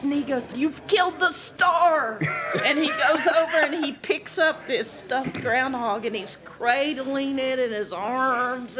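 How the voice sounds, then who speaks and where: A woman guest on a podcast, telling a lively anecdote and acting out the scenes she describes, often breaking into laughter. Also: a little high. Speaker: podcast guest, animal wrangler. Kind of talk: casual storytelling.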